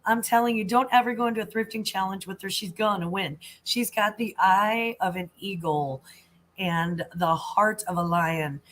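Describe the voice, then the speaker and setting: A woman hosting a casual livestream chat, greeting viewers warmly, her voice worn and husky. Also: medium pitch, moderate pace, poor audio. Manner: chatty, greets viewers with air kisses. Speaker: host.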